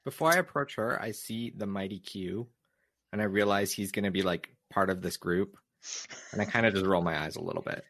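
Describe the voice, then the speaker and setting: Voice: low voice, fairly quick, a bit bright. A tabletop player speaking as their character, curious and teasing.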